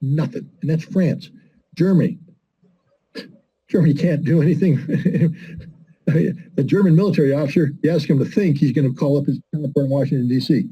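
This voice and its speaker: A man's voice: on the high side, normal speed, breathy edge, dull audio. A middle-aged man giving blunt, impassioned political commentary, full of rhetorical questions and mocking quotes. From United States.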